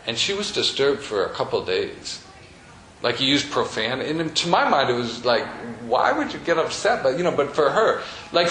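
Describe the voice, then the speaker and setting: A man leads a meditation class in a studio, talking casually to the group with many fillers. His pitch moves up and down a lot. The room is echoey, with faint ambience behind him. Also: a bit bright, a little hiss or hum. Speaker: meditation teacher. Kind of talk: teaching a class.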